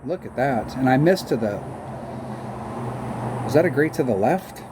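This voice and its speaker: This man's mid-range voice is animated and moderately paced as he gives rambling, self-mocking commentary on a mobile golf game. He hums little tunes, and background noise is audible.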